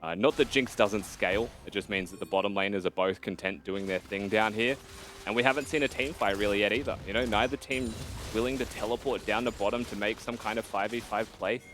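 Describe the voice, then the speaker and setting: A man's voice: lowish voice, fairly even intonation, fairly quick, a bit bright, faint music behind. A man giving analytical, conversational esports commentary. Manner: analytical, conversational breakdown of plays. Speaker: esports caster.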